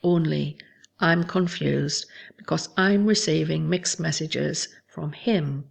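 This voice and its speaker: A woman hosting a show, reading aloud from her memoir in a measured, somber way. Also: low-pitched, gravelly, husky. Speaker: host.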